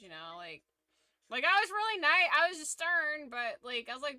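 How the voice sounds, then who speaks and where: A young woman streamer in casual chat, telling a story in a lively, profane way. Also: high voice, brisk, no echo.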